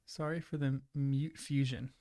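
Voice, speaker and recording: A man's voice: mid-range voice, level tone, a little slow, mellow, no room sound. A man hosting a livestream, chatting loosely and apologetically with his viewers, sometimes talking through a mouthful of food. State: chewing food at times. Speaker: livestream host. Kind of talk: casual chat with live viewers.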